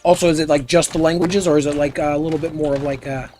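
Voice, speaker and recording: Playing a building game on stream, a man chats goofily and rambles with his viewers. He talks fast in a slightly high, steady voice with a darkish tone, and faint music plays in the background.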